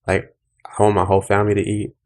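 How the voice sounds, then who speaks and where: A man's voice: lowish voice, completely flat delivery, fast talker, darkish tone. A man hosting a podcast, talking in an earnest, reflective way that speeds up when he gets stirred. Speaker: podcast host. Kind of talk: casual conversation.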